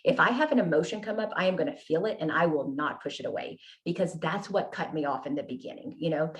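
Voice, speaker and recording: A woman's voice: low-pitched, fast. A woman guest telling her personal story in an earnest, candid way, often checking in with "right?" and "you know?". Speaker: podcast guest.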